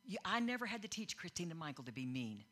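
A middle-aged woman preaches in a relaxed, story-driven way, laughing and slipping into the voices of people she quotes. Her tone is bright and forward. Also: on the low side, fast. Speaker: speaker teaching on faith. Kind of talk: informal sermon with personal stories.

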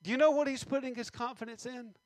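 High-voiced emphatic male preacher. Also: steady tone, no room sound. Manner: emphatic, reads scripture slowly, asks the congregation questions. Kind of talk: sermon.

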